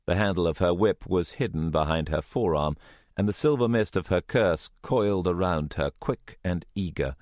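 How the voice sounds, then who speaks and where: A man narrating an audiobook in the first person, in a measured, tense manner. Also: sits low, darkish tone, dry recording, studio quality.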